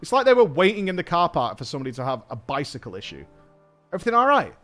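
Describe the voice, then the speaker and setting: With faint music in the background, a streamer host races through an animated, casual story in a fairly high voice. He swears and mimics the people he ran into.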